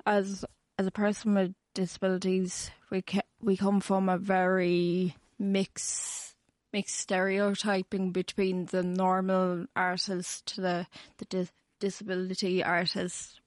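A woman artist answering radio interview questions from a regional studio, measured and earnest. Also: mid-range voice, monotone, no echo. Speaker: artist guest.

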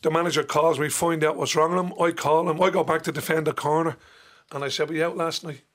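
A man's voice: on the high side, fairly even intonation, fast, a bit bright. An older Irish man telling funny stories in a casual chat, laughing as he talks. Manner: chatty, laughs through his stories. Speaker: guest storyteller.

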